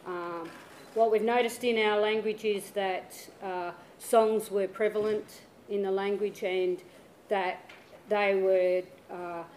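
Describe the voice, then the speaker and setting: A woman from the South Coast of New South Wales giving a conference talk, unhurried, with many fillers. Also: medium pitch, darkish tone, slight background noise. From South Coast of New South Wales, Australia. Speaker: conference presenter. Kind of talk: presentation talk. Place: lecture hall. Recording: echoey hall ambience.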